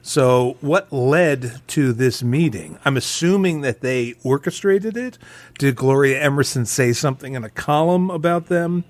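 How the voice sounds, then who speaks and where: A man's voice: mid-range voice, unhurried. A man co-hosting a podcast, rambling and thinking aloud with many fillers. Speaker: podcast co-host. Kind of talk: casual podcast discussion.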